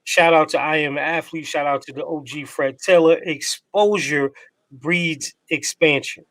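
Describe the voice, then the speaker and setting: A man from New Jersey co-hosting a podcast, giving a laid-back, slangy motivational segment with drawn-out emphasis. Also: on the high side, little pitch movement, a bit bright, no room sound, poor audio. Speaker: podcast co-host. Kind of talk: casual chat and motivational segment.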